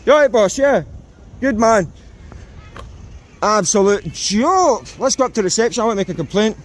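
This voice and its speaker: A man's voice: high-pitched, expressive, normal speed. A British man filming the police and talking to his viewers, mocking and indignant. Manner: mocking, indignant, talks to camera. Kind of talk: casual vlog commentary to viewers. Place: outdoors on a street.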